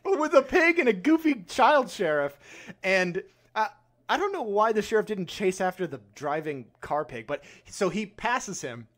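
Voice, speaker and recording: High-voiced man laughing through a movie chat. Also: big pitch swings, moderate pace, fairly bright tone. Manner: laughs often, acts out movie lines in silly voices. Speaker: podcast co-host. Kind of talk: casual movie review chat.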